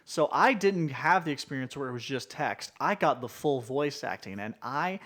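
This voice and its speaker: A man's voice: mid-range voice, expressive, normal speed, fairly bright tone. A man hosting a casual podcast chat, leading with questions and often restarting his sentences. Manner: leads with questions, rambling restarts. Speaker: podcast host.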